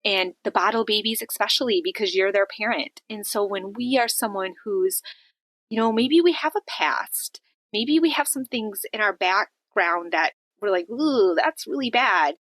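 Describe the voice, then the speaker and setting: An earnest woman speaking in a relaxed, conversational devotional style, her pitch sitting in the middle of the usual range. She lifts her voice brightly whenever she quotes someone else. The sound is close and dry, with almost no room around it. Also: moderate pace, no room sound. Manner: earnest, conversational, animated when quoting others. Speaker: podcast host. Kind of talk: devotional podcast talk.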